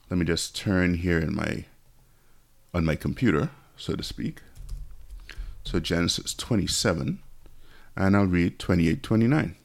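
Low gravelly guy going through a bible story, chatty, lots of asides. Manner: conversational, thinking aloud with asides; reads scripture aloud. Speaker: Bible teacher. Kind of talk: informal Bible teaching.

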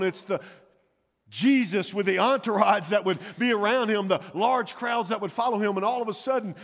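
A man preaching a sermon as pastor, dramatic and swinging between loud calls and hushed words. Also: high voice, in a large hall.

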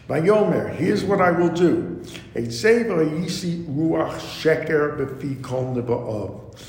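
Male teacher, slightly higher voice, slow and deliberate, reads verse then explains, echoey hall with faint rumble. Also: darkish tone. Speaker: Torah teacher. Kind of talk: lecture on scripture.

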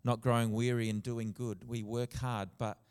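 A man preaching a sermon in a church, earnest, with soft passages and loud emphatic bursts. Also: medium pitch, little pitch movement, normal speed, clear, resonant tone. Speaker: pastor. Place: church hall. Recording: long church reverb.

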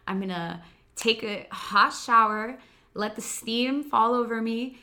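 A woman's voice: medium pitch, sharp tone. A young woman co-hosting a live chat, talking casually with many fillers and easy laughs. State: recovering from a cold. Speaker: co-host.

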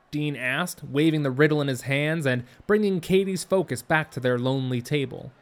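A narrator telling a story as an audiobook, in a mid-range voice. The delivery is steady and plain, moving evenly through the scenes. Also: medium pitch, normal speed, hardly any pauses.

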